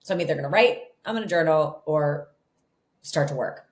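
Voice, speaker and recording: Speaking briskly in a deep voice, a middle-aged guest author recounts her story during a relaxed interview. She's talkative and animated, dropping plenty of "like" and "you know," and the recording carries an echo from the room.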